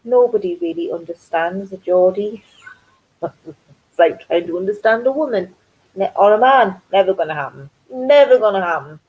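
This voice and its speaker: A middle-aged woman from County Durham with a North East English accent, telling stories in a chatty vlog and acting out quoted voices with big pitch jumps. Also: expressive, normal speed, darkish tone, slightly rough, rough recording. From County Durham, England. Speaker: crafting vlogger. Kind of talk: casual storytelling chat.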